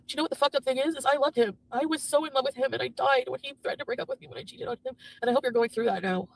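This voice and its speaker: A woman on a live stream, venting angrily and profanely about being cheated on, swinging between yelling and hushed, broken-down talk. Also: sits high, very fast, gravelly, slight background noise, rough recording. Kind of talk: emotional live-stream rant.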